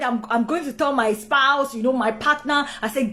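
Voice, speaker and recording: A woman hosting a live stream, telling a personal story in an animated, chatty way, with many asides, and greeting viewers as they join. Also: sits high, moderate pace, hardly any pauses. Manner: talkative, with many asides and restarts.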